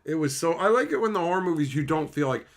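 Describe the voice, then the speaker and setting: A fast-talking man with a slightly high voice runs a casual stream, going through chat and ranting. He's animated and full of swearing, and often slips into impressions of other people.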